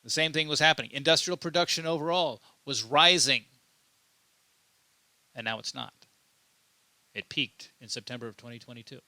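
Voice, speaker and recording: A man delivering an unscripted commentary monologue, pressing his points with emphasis and stumbling over repeated words as he goes. His voice is strongly bright and forward, and the recording is very dry and close. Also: medium pitch, steady tone, normal speed, long pauses, no room sound. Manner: repeats himself and restarts often, emphatic. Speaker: political commentary host.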